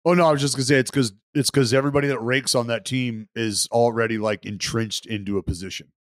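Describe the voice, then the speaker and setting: A man co-hosting a baseball podcast, quick and rowdy, swearing freely in banter. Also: mid-range voice, fairly even intonation, no room sound. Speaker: podcast co-host. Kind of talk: casual sports chat.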